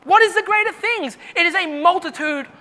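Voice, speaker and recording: High, bright-voiced fervent male preacher. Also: brisk, big-room sound. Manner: fervent, calls out to the congregation. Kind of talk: sermon.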